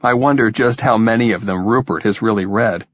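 Male reader as a wry, easygoing husband; low, husky, dull sound. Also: fairly quick, no echo. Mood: dry. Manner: relaxed, dry humor.

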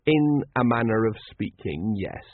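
A man voicing an older male dwarf, a worried father and king who talks haltingly with ums and restarts, on a tinny, phone-like recording. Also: fairly low pitch, sing-song, no room sound, full character voice. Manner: hesitant, halting, full of ums and trailing restarts.

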